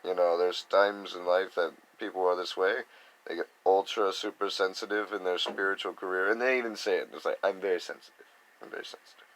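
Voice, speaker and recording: Deep-voiced man rambling about spirituality. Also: fairly even intonation, fairly quick, fairly bright tone, low-quality recording. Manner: rambling, acts out others' reactions in quoted voices. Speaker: spiritual speaker. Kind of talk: casual spiritual monologue.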